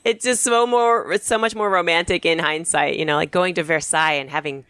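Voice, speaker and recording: Wry, lowish-voiced middle-aged woman. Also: fairly quick, clean tone, dry recording. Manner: wry, animated storyteller. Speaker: podcast guest. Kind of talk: casual interview chat.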